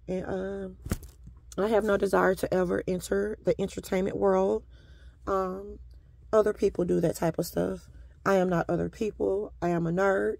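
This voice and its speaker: Gravelly-voiced woman ranting profanely. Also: medium pitch, no echo. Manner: combative, profane, sarcastically polite; repeatedly addresses a listener as "sir". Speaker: vlogger. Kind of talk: ranting monologue to camera.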